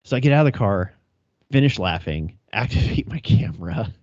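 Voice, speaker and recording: A man's voice: lowish voice, expressive, fairly quick, a little mellow, no room sound. A young male police officer telling a chase story on a casual podcast, laughing, swearing and acting out radio calls. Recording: dry, dull lo-fi sound.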